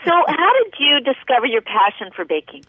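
A woman's voice: on the high side, very animated, brisk, breathy edge, dry recording. Chatty woman host on a tinny line. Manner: chatty, enthusiastic, rambling with many restarts. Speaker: show host. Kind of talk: casual interview chat. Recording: tinny dry phone-like audio.

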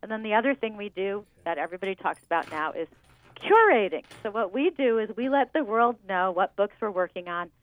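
A woman calling in as a guest to a radio show, telling stories in a measured way. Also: mid-range voice, expressive. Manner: measured storytelling. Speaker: book editor guest on the phone. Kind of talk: phone-in interview. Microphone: telephone. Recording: tinny phone line.

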